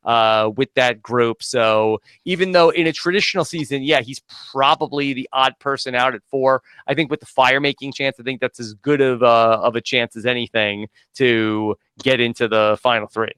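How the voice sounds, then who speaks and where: Smooth-voiced male show host. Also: medium pitch, steady tone, a bit bright, no echo. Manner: quick, upbeat, takes callers. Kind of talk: live aftershow discussion.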